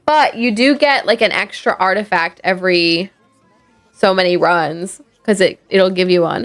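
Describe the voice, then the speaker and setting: A woman's voice: lowish voice, expressive, moderate pace. A woman streaming a game, chatting casually and sleepily, rambling with fillers and restarts. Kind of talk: casual gameplay chat. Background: faint game music.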